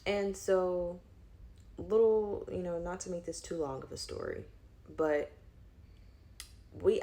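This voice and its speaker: A woman's voice: deep voice, vocal fry. A woman telling a personal story in a casual, rambling way, full of fillers, that flares into heated outbursts.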